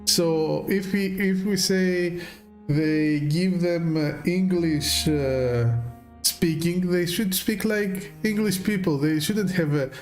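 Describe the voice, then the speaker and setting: A man casually commenting while streaming a game, halting with many fillers and restarts and chuckling often. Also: a little high.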